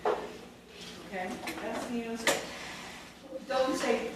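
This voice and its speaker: A woman's voice: a little high, animated, slow pace. A woman leading a spelling lesson for teachers, firm and directive, repeating and drilling each word. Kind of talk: classroom teaching demonstration. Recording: echoey room from far off, background noise.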